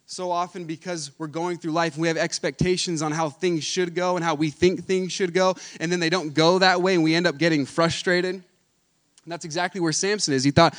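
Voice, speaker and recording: A man with a high voice preaches a sermon from the pulpit. He retells a Bible story in a loose, chatty way, slipping into the voices of its characters. Then he builds to loud, emphatic exhortation. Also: fairly even intonation, fairly quick. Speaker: pastor.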